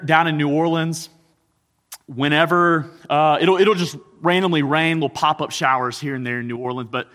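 A man preaching a sermon as a pastor, swinging between loud emphasis and hushed intensity. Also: fairly high pitch, long reverb tail.

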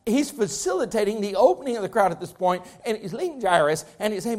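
A man's voice: high-pitched, animated, fast talker. A man preaching a sermon as pastor, repeating phrases and building intensity as he speaks to his congregation.

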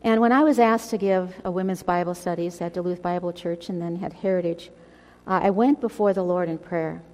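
A woman's voice: fairly low pitch, steady tone, fairly quick, a little mellow. A woman teaching a women's Bible study, speaking earnestly and addressing her listeners directly as she exhorts them. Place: church. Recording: long hall reverb.

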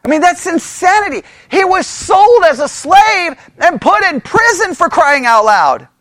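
A man's voice: very high-pitched, a little slow, no echo, studio quality. A man leading a Bible study in a church, teaching in an informal, emphatic way and acting out voices as he goes. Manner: animated, emphatic, acts out voices.

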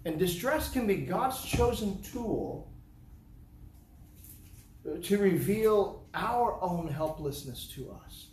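A man's voice: high voice, animated, slow, pauses often, darkish tone. A man from the United States preaching a sermon in earnest, repeating his points in rhetorical lists. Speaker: pastor. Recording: echoey room, faint background noise.

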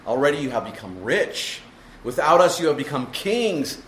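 A man's voice: a little high, big pitch swings, moderate pace, a little hiss or hum. A man preaching an expository sermon, explaining the text emphatically and asking the congregation rhetorical questions. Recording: echoey room with faint ambience.

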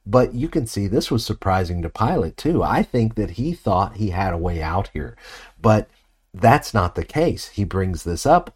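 A man preaching an expository sermon in a measured, reflective way, posing rhetorical questions to his listeners. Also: on the low side, lively intonation, darkish tone, husky.

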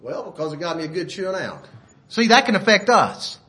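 High, bright-voiced male preacher. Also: big pitch swings, brisk. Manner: folksy, asks listeners rhetorical questions; often clears throat. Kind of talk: sermon.

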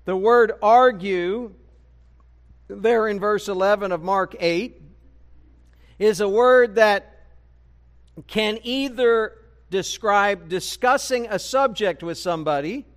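Preaching as pastor in a church broadcast recording, a man speaks slowly with long pauses, his voice high and a bit bright. His sermon is conversational and packed with rhetorical questions to the congregation.

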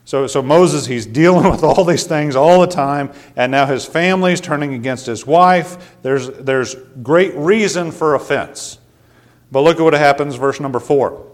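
A pastor preaching a sermon in a folksy, conversational way, often repeating words and adding side remarks. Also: male voice, a little high, unhurried.

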